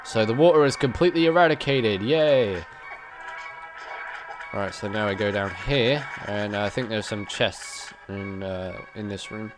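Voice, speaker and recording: A man with a fairly low voice talks through his gameplay in a loose, rambling way, chuckling as he goes. His nose sounds stuffy. Game music plays clearly behind him. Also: measured pace, low-quality recording. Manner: chatty, rambling, chuckles often. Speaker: let's play gamer. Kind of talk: casual gameplay commentary.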